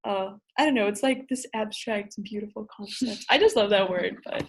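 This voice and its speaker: A woman's voice: medium pitch, moderate pace, slight background noise. A young woman from Brazil, a student presenter, explaining words in a casual, friendly, giggly way. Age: young adult. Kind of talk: casual educational chat.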